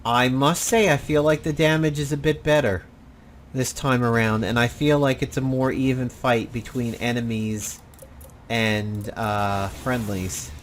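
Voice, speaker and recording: Male gaming host, mid-pitched, unhurried, blunt and rambling, faint background noise. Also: steady tone. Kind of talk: casual gameplay commentary.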